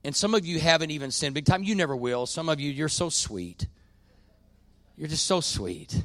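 A man preaching a sermon, dropping to quiet confiding and rising to loud, drawn-out peaks. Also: fairly high pitch, lively intonation, dry recording. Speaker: pastor.

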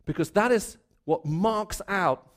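A man's voice: high voice, slow pace. Man preaching a chatty sermon. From raised in the Middle East. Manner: conversational storytelling with frequent restarts.

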